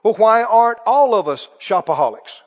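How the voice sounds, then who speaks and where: High-voiced preacher in an echoey hall. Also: male voice, very animated, normal speed. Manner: emphatic call-and-response preaching. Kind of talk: sermon. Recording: dull, echoey hall sound.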